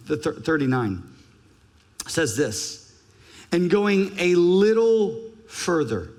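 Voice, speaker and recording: High-pitched, slow-talking preacher in a hall. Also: male voice. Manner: emphatic, varies pitch and pace widely, drops to a hush for scripture. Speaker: pastor. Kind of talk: sermon. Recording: long church hall reverb.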